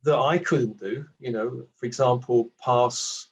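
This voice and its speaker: A British man in his sixties, a reflective guest telling his story with gentle self-deprecating asides. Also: mid-range voice, measured pace, slight background noise. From Britain. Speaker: award recipient guest. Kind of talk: reflective casual conversation. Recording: dull muffled lo-fi audio.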